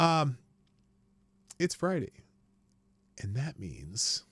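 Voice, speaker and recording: A man's voice: mid-range voice, very animated, unhurried, gravelly, long pauses, music in the background. A man hosting a casual livestream show, rambling, profane and flippant, tired and yawning as he talks.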